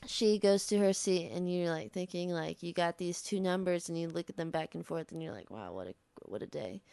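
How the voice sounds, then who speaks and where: Gravelly low-voiced woman spinning a comic tale. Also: little pitch movement, a little fast, mellow, no echo. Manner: rambling, heavy use of "like". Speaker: comedy podcast host. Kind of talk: improvised comic storytelling.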